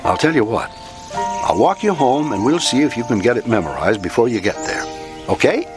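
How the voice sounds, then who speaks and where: Brief: warm-hearted older mentor, played by an actor, radio drama, faint music bed, expressive. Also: male voice, mid-range voice, moderate pace, lightly acted. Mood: encouraging. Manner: gentle, reassuring. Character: kindly older man, gentle mentor.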